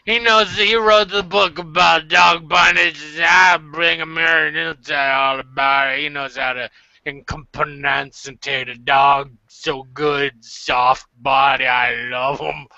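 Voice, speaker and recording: A man hosts a loose, joking chat, cracking silly bits and laughing between lines. His voice sits high and bright. The recording is dry and dull, like a cheap mic. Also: steady tone, measured pace, gravelly, no room sound. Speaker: podcast host. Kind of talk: casual chat. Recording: dull lo-fi sound.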